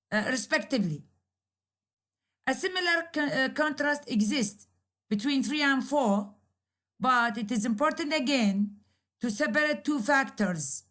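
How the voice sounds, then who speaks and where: A woman lecturer explaining English grammar slowly, repeating key points and modeling example sentences. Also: sits high, a bit bright. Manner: slow, repetitive explaining with examples.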